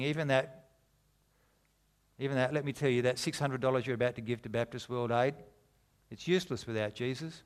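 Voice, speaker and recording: A man's voice: mid-range voice, steady tone, brisk, long pauses, smooth. A middle-aged man preaching a sermon, conversational and jokey but driving home his points with emphasis. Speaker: pastor.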